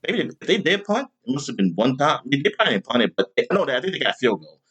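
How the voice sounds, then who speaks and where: Animated rambling male podcast host. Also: mid-range voice, racing, slightly rough. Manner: rambling, animated, with many fillers; bursts into loud exasperation. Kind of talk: casual chat.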